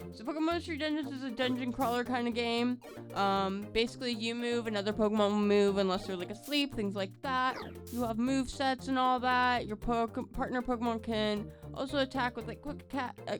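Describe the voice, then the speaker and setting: A woman's voice: fairly high pitch, normal speed, over music. A young woman giving casual, jokey commentary while playing a game, with mild swearing. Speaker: let's play gamer.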